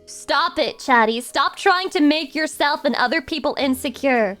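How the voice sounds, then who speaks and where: Young woman streamer, high bright voice, playful teasing chatter, faint music underneath. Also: lively intonation, normal speed, few pauses. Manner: playful, teasing, with sudden squeaky high outbursts. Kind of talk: casual chat reacting to viewers.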